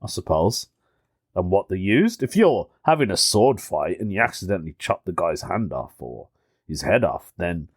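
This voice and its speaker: A man's voice: sits low, very animated, normal speed, breathy edge, no echo. Chatty man, dry close sound. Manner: chatty storyteller, laughs often, British slang like "innit". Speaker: podcast host. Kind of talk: casual solo podcast chat.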